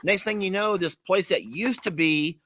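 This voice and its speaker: A man's voice: high-pitched, moderate pace, bright, forceful tone. A man, chatting casually as co-host while opening fan mail, playful and mock-exasperated. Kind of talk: casual chat.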